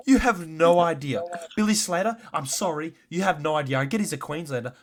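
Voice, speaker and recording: A man co-hosting a casual sports podcast, fired up and swearing as he rants, swinging between loud and quiet. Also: on the high side, big pitch swings, moderate pace. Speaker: podcast co-host.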